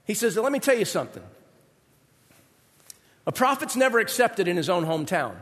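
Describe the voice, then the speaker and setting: Guy preaching a sermon, high voice, acts out the voices in the story, big echoey hall. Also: normal speed. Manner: animated, acts out quoted voices with big pitch swings. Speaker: pastor.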